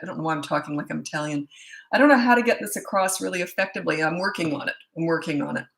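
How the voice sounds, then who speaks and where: A woman's voice: deep voice, rapid-fire, creaky, a bit bright, poor audio. A middle-aged woman who works as a parenting coach chats casually on a livestream, greeting viewers by name and place with jokey asides.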